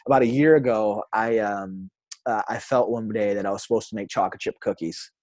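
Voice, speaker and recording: A pastor telling a story in a podcast interview, with animated delivery and quoted voices. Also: male voice, on the low side, a little fast, no echo, studio quality. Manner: animated, acts out quoted voices, frequent fillers.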